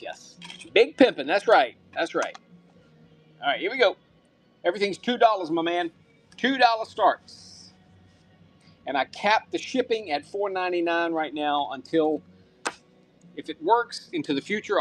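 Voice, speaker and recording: A man hosting a live-stream auction, upbeat and thanking buyers by name, sometimes muttering to himself as he handles items. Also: fairly high pitch.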